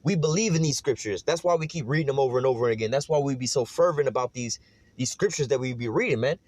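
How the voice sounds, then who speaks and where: A man delivers a fervent, slang-heavy street sermon at a quick clip, dropping curses as he goes. His voice sits dry and close, with no room around it. He keeps checking in with "you know what I'm saying" and rises into loud, high-pitched shouting when he gets fired up. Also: no echo. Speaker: preacher.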